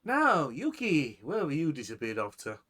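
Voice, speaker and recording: A man narrating as game master of a tabletop role-playing game, animated and quick to shift into character calls. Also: a little high.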